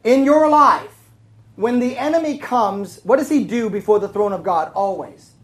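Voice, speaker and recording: A woman's voice: a little high, lively intonation, normal speed, poor audio. Woman preacher, sermon, chatty, keeps quizzing the room. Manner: conversational, asks the room questions. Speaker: Bible teacher.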